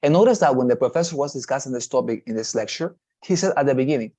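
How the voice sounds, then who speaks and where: A man with a warm, mid-range voice talks fast and animatedly with few pauses while explaining test prep in an online class. He repeats his points and keeps checking on students with "okay?" and "right?".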